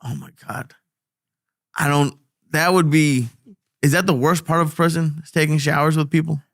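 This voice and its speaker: Casting: male co-host, slightly high voice, halting and giggly, dry close mic. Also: fairly even intonation, dry recording. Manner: laughing, hesitant with many fillers. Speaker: podcast co-host. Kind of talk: casual chat.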